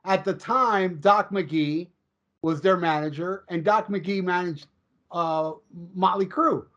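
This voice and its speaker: A man co-hosting a casual music podcast, jokey and quick to laugh, retelling anecdotes. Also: high voice, fairly bright tone, dull audio. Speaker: podcast co-host reviewing an album. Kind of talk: casual chat.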